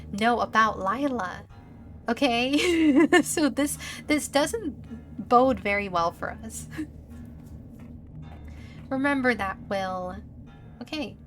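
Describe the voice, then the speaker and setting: A woman's voice: fairly high pitch, pushed and bright. A woman streamer giving rambling, giggly gameplay commentary, chatting to her viewers.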